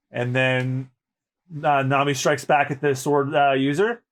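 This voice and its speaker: A man's voice: medium pitch, level tone, measured pace. A man co-hosting a podcast, narrating the action of a comic aloud with voices. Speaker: podcast co-host.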